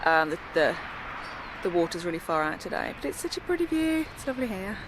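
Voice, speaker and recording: A woman's voice: on the low side, sing-song, a little fast, a little hiss or hum. A woman vlogging casually as a pet sitter, chatting to the camera and cooing playfully at the pets. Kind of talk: casual vlog chat.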